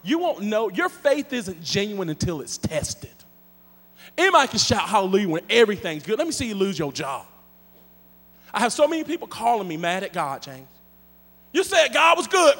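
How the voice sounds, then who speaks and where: A man with a high voice preaches to his congregation, telling a story in a lively, joking, chatty way. His voice rings out with a long reverb, as if in a large church hall. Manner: animated, joking, conversational. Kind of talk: storytelling sermon.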